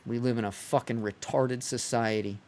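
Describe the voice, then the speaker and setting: A man's voice: mid-range voice, fairly even intonation, moderate pace, a little mellow, a little hiss or hum. A man ranting heatedly and profanely during a game live stream, sometimes mocking others in put-on voices. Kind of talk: live-stream rant while gaming.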